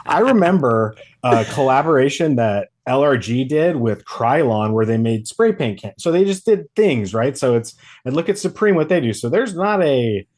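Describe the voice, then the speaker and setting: Man, podcast co-host, loose rambling casual chat, animated pitch. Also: moderate pace, few pauses. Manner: rambling, full of fillers and restarts.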